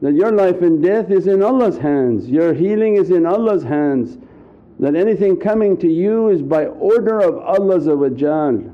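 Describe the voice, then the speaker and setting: A man's voice: high voice, lively intonation, normal speed. Man preaching over a tinny line. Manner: dramatic, acts out fearful inner voices. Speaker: Sufi shaykh. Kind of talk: sermon. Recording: phone-like narrow band.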